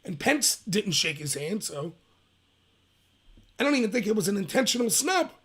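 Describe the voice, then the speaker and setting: A man with a high, husky voice hosts his own political commentary livestream. He talks emphatically, rambling from point to point and jabbing at opponents with mocking quotes. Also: very animated, moderate pace, fairly bright tone. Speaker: political commentary show host.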